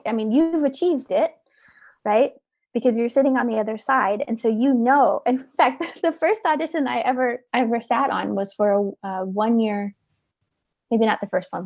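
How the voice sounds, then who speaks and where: A woman's voice: on the high side, creaky, a little mellow, no room sound. A woman guest on an interview, talking casually and earnestly, often repeating words as she gathers her thoughts. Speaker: orchestra oboist, interview guest.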